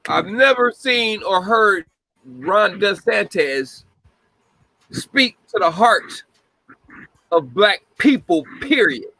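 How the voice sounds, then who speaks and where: A man's voice: high-pitched, animated, slow pace, gravelly, pauses often, pushed and bright, no room sound, rough recording. A man hosting a podcast, ranting bluntly in casual talk, swearing heavily and often breaking into laughter. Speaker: podcast host. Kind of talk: casual profane commentary.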